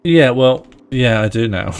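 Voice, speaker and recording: A man's voice: mid-range voice, animated, a little slow, clean tone. A man live-streaming a video game, chatting playfully with his viewers and friends, laughing often and talking to himself as he plays. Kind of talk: casual live-stream chat while gaming.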